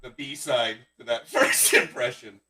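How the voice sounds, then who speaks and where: A man doing a stand-up comedy set, telling deadpan one-liners with awkward asides. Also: medium pitch, unhurried, far from the mic, very noisy. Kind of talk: stand-up set streamed live.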